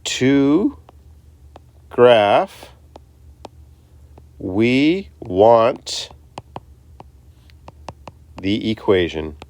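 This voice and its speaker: A man's voice: mid-range voice, big pitch swings, very slow, long pauses, a little mellow. A man teaching a recorded math lesson, chatty and self-interrupting, talking students through each step.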